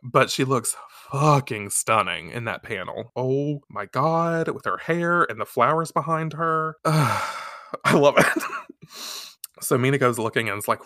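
A woman's voice: rumbling low, a little slow, fairly bright tone, no echo, clean studio sound. A woman casually recapping a manga on a podcast, acting out the characters' lines, swearing freely and laughing often. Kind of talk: casual chat.

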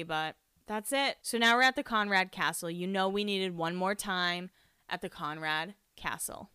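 A woman's voice: medium pitch, bright, forceful tone, smooth, no echo, clean studio sound. A young woman hosting a podcast, chatting casually and gossiping about a reality show with frequent laughs. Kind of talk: casual chat.

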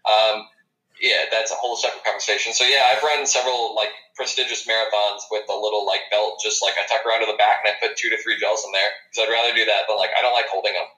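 Bright-voiced chatty man on a call. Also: on the low side, little pitch movement, fast, echoey room, low-quality recording. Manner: chatty, rambling with many fillers. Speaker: podcast guest. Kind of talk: casual chat. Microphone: video call.

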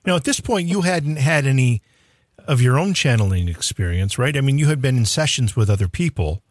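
A male talk show host with an animated, moving pitch asks his guest questions and drops in short affirmations. His voice is recorded close up and dry, without any room sound. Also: fairly quick, dry recording. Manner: engaged, with brief affirmations. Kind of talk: interview questions.

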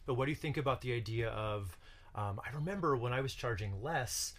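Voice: mid-range voice, fairly quick, fairly bright tone. A podcast co-host with a mid-range voice who keeps the talk moving. Asks curious follow-up questions in an easygoing, conversational way.

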